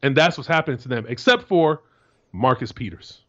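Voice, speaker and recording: A man co-hosting a casual sports talk show, telling animated stories and often restarting his sentences. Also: medium pitch, brisk, dull audio. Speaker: co-host, former NFL defensive tackle.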